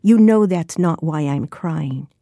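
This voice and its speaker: A woman's voice: deep voice, lively intonation, slow, dark tone, no room sound, studio quality, exaggerated voice. A woman reading aloud, voicing a frightened young girl who pleads earnestly with her brother. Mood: pleading. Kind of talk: reading a novel excerpt aloud.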